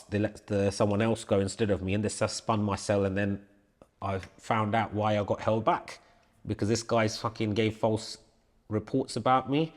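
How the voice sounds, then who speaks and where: A man, co-hosting a podcast and telling stories in a casual, blunt way, swearing freely and hammering his points with repetition. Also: on the low side. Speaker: podcast co-host. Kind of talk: casual storytelling chat.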